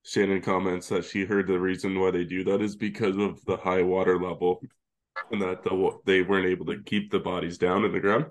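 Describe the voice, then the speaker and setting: A man's voice: low-pitched, little pitch movement, a little fast. A man co-hosting a podcast in casual chat, recapping the plot at length with laughs and the odd swear word. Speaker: podcast co-host.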